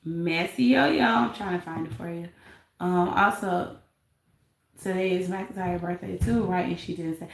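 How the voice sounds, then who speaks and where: A woman's voice: on the low side, measured pace, creaky, reverberant, rough recording. A woman hosting a live stream, reading chat and gossiping in a sassy, laughing way. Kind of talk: casual live chat commentary.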